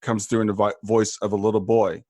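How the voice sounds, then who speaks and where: A man's voice: fairly low pitch, level tone, brisk, no room sound, studio quality. An American man hosting an interview, mostly giving short reactions and brief questions. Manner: warm backchannels, short reactions. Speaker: podcast host. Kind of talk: casual interview.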